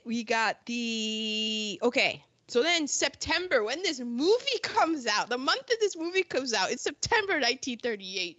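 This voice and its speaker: A woman hosts a casual history podcast and tells the story with animated energy, slipping into silly voices for countries. Her voice sits a little high and swoops around a lot. The recording sounds dull and lo-fi. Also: dry recording. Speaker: podcast host.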